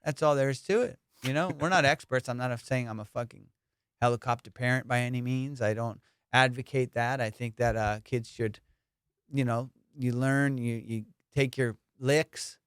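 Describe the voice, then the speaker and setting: A man hosting a casual comedy podcast, telling stories in an animated, profane way and laughing often. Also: medium pitch, normal speed, clean tone, no echo, clean studio sound.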